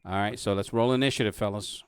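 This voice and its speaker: A man running a tabletop game as game master, casual and halting, with lots of fillers and restarts. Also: lowish voice, steady tone, clean tone, no room sound, studio quality.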